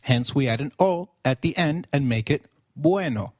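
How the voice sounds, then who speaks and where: A man giving a scripted language lesson in a slow, clear instructional manner, pausing for the listener to repeat. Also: medium pitch, expressive, darkish tone, no echo, studio quality. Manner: slow, clear instructional delivery with pauses for repetition. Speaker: language teacher.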